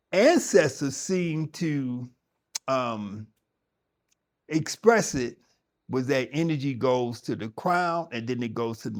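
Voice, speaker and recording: A middle-aged man teaching yoga, talking conversationally and emphatically to his audience, often restarting his sentences. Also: on the high side. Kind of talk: spoken talk to a yoga audience.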